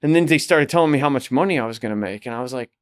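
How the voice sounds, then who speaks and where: A man in his forties, a guest actor telling long stories in a casual interview, rambling with many restarts and jumping into animated quotes. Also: mid-range voice, very fast, clear, resonant tone.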